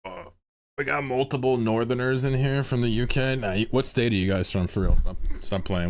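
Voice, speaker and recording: A man's voice: mid-range voice, fairly quick, no room sound. A man streaming a game, chatting casually with his viewers in a sarcastic, mock-indignant ranting manner. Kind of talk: casual livestream banter with chat.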